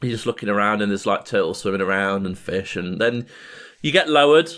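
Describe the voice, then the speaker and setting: A man's voice: lowish voice, brisk, fairly bright tone. A man co-hosting a podcast, telling a story casually with plenty of fillers, restarts and swearing. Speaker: podcast co-host. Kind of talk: casual chat.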